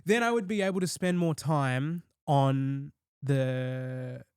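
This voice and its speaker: A man's voice: mid-range voice, slow pace, smooth, no echo. A man in casual podcast chat, rambling and swearing lightly as he works through ideas. His voice sits mid-range, recorded close and dry, with no room sound around it. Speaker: podcast host and comedian.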